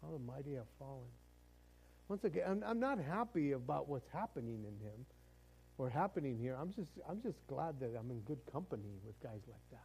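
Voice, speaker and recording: A man's voice: medium pitch, animated, a little fast, gravelly, a little mellow, poor audio. A man preaching a sermon in a conversational way, often stumbling and restarting his words. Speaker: pastor.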